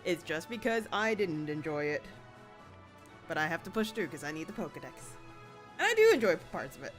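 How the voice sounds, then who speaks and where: A woman streaming a video game, chatting casually with her viewers and breaking into sudden excited squeals. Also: low-pitched, fairly quick, faint music behind. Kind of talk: casual gameplay commentary.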